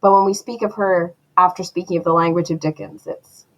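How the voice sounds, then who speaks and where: Lively self-deprecating woman author. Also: fairly low pitch, fairly quick, poor audio. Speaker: guest author. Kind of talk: casual interview chat.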